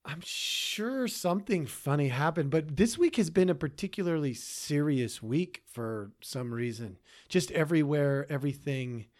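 A man's voice: on the high side, lively intonation, measured pace, few pauses, a little mellow. A man co-hosting a podcast in casual chat, often trailing off and restarting his sentences. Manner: hesitant, trailing off mid-sentence. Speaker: podcast co-host.

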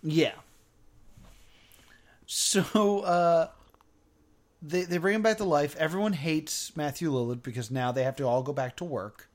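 A podcast co-host in a casual movie review chat who talks in a sarcastic, animated way. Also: medium pitch, unhurried, pauses often.

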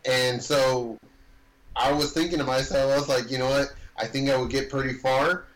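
A man with an average, mid-pitched voice talks through his thoughts on a movie in casual chat. He meanders, restarts sentences often, and drops in a mild curse here and there. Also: fairly even intonation, moderate pace, a bit bright, rough recording. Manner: meandering, self-correcting, mildly profane.

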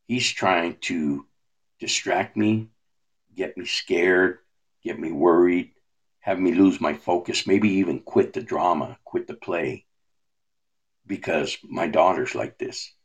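A man's voice: deep voice, slow pace, breathy edge. A man sharing a personal testimony in a rambling storytelling way, with many fillers and restarts.

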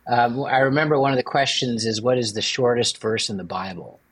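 A man's voice: a little fast, a bit bright. A man co-hosting a faith podcast as a priest, chatting casually and joking with playful asides. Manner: playful, jokes with sudden high-pitched asides.

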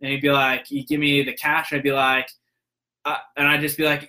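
A man's voice: medium pitch, level tone, moderate pace, pushed and bright. A young man telling a story in a casual monologue, rambling with fillers and restarts and acting out the people he quotes.

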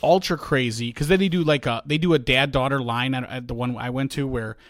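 A man's voice: mid-range voice, fairly quick, no echo. A man in his forties co-hosting a podcast, in casual chat with dry, teasing banter. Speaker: podcast co-host.

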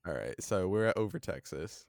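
Young guy telling a story on a podcast, rambly and animated, dry close mic. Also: low voice, brisk, vocal fry, no echo. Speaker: podcast co-host. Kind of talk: casual chat.

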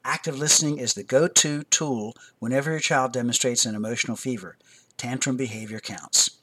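A man hosting a show on parenting, giving scripted advice in a calm, instructive, measured way. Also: medium pitch. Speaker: host.

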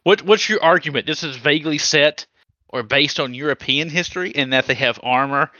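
A man co-hosting a casual podcast, swearing freely and restarting his sentences. His voice is bright and forceful and sits a little high. The recording is dry and somewhat dull. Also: a little fast, no room sound. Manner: animated, swearing, many restarts. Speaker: podcast co-host. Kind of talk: casual chat.

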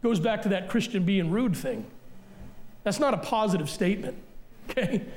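High-voiced blunt preaching man. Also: lively intonation, normal speed. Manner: forceful, blunt preaching with repeated punchlines. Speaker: pastor. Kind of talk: sermon. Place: church sanctuary.

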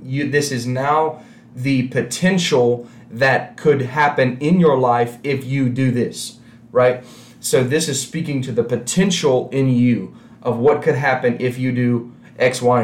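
A man's voice: mid-range voice, roomy sound. A man preaching a sermon to a camera with no congregation, talking in a conversational way and repeating key phrases for emphasis. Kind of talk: recorded sermon without congregation.

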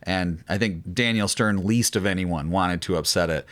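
A man co-hosting a casual film podcast, relaxed as he shares behind-the-scenes trivia. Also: low voice, moderate pace. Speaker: podcast co-host. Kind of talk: casual film discussion chat.

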